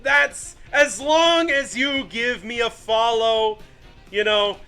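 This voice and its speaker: A young man with a high, bright, forceful voice delivers live fan commentary on a football game. He talks in an unhurried way, self-mocking and excitable, and faint music plays behind him. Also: smooth. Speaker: streamer doing game commentary.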